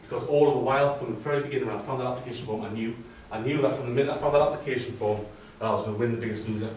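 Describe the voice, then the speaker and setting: Rapid-fire and a touch mellow, a medium-pitched male voice relates his own story before a live audience, chatty and self-mocking. Some hiss or hum comes through. The room is very echoey, heard through a distant mic with faint ambience.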